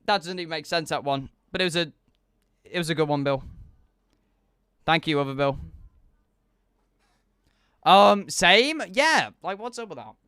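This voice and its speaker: A man's voice: on the high side, unhurried, long pauses, clear, resonant tone, no echo, clean studio sound. A young man, a streamer, chatting casually and joking back and forth with his live chat. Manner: animated, joking banter with chat.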